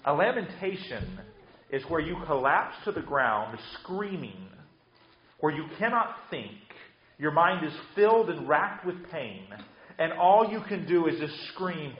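A man's voice: a little high, big pitch swings, measured pace, roomy sound, muffled recording. A man preaching a sermon with emphatic delivery, often repeating words as he restarts. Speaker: pastor.

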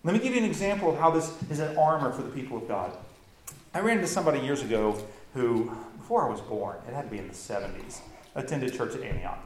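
A man's voice: medium pitch, lively intonation, fast, roomy sound, slight background noise, rough recording. A man preaching a sermon as pastor, earnest and emphatic, building intensity as he makes his points.

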